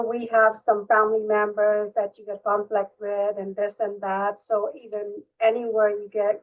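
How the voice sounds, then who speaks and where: A woman participant earnestly sharing a personal practice, speaking haltingly with repeats and restarts. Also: medium pitch, a little mellow, rough recording. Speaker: workshop participant.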